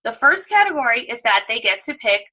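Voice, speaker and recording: A woman with a New York accent giving an enthusiastic, persuasive sales pitch to prospective sellers. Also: big pitch swings, fairly quick, bright, forceful tone, low-quality recording. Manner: enthusiastic, persuasive, acts out shoppers' voices. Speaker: direct sales presenter.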